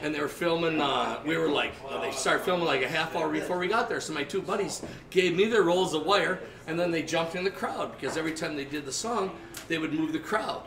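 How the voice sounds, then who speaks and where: A man's voice: on the high side, brisk, vocal fry. An older man telling long, rambling stories in a casual chat at a noisy bar. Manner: rambling, animated storyteller. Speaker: guest storyteller. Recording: echoey bar, far from the mic. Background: bar crowd chatter.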